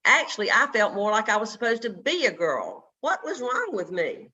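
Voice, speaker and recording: A man's voice: high voice, big pitch swings, normal speed, pushed and bright, heavily acted. A man reading out the lines of a troubled, hopeful young man from a small town, telling his life story in an earnest first-person way. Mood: sorrowful. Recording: dull lo-fi video call audio.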